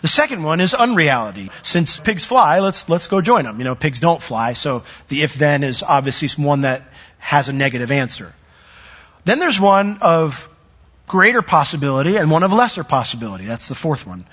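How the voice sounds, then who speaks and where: Animated preacher man in an echoing hall. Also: on the high side, normal speed, breathy edge. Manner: animated, acts out quoted voices. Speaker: pastor. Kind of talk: sermon. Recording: echoey hall, dull lo-fi sound.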